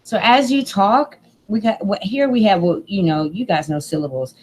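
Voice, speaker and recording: A woman's voice: mid-range voice, normal speed, a little hiss or hum. A middle-aged woman, mother of grown children, hosting a casual live stream, rambling, emotional and laughing often. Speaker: channel host.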